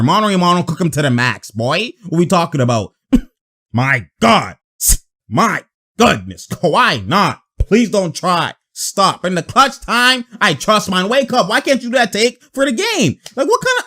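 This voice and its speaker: A man giving casual, slangy commentary over basketball clips, reacting excitedly and laughing often as he breaks down the plays. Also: on the high side. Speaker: basketball video analyst.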